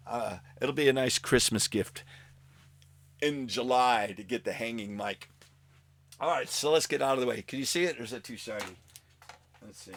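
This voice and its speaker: A man's voice: medium pitch, normal speed, pauses often, a bit bright. Male vlog host, mid-range voice, casual show-and-tell, chatty and self-mocking. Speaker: comic book collector vlogger. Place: at home.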